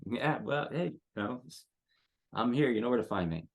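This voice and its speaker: A man, a headshot photographer, giving rambling, halting advice full of fillers as a guest in an online seminar. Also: mid-range voice, animated, creaky.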